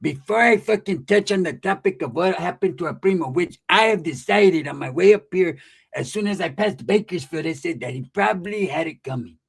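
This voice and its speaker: A man voicing a paranoid, conspiratorial cousin who talks slowly and secretively, tagging lines with "eh?". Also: high voice, animated, creaky, slightly rough, full character voice. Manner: hushed, slow, secretive, ends with "eh?".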